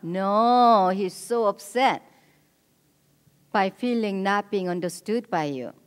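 Speaking slowly at a medium pitch, a woman delivers a marriage seminar talk in a church hall, instructive and frequently asking the audience "right?" The hall sounds echoey.

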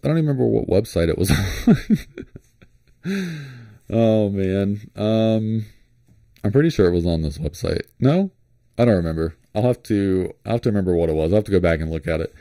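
A flashlight vlogger from Florida gives casual screen-share commentary while browsing, his deep voice mellow and unhurried. He's relaxed and rambling, thinking aloud with many fillers, restarts and little hums. The recording is dry and close, with no surrounding room sound.

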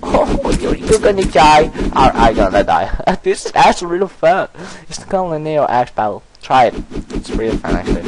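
Excitable man shouting over a game. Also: high voice, noisy background. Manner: excitable, bursts into shouts and giggles, playful; broken, ungrammatical English phrasing. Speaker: gaming commentator. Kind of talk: let's-play commentary.

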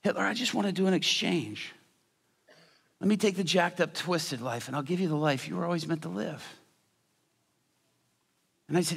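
A man's voice: fairly high pitch, animated, moderate pace, creaky, long pauses, a bit bright, breathy edge. A male preacher telling a story in a sermon, acting out the people he quotes.

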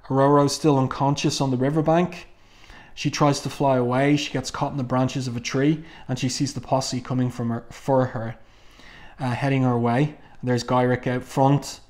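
A man's voice: mid-range voice, a little mellow. A man casually reviewing a comic book and reading panels aloud, musing with frequent ums and restarts.

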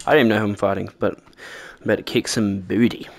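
A man hosting a gaming video, joking and trash-talking with excitable outbursts. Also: on the low side, fast talker, gravelly. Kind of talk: let's-play commentary. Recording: game music playing behind.

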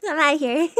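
High, lively, giggly streamer woman. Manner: giggly, chatty, reacts aloud to the game. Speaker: streamer playing a video game. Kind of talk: casual gameplay commentary. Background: game music.

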